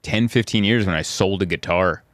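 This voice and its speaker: A man's voice: deep voice, moderate pace, a bit bright, no room sound. A man, a comedian hosting a podcast, riffing and joking in casual chat and laughing often.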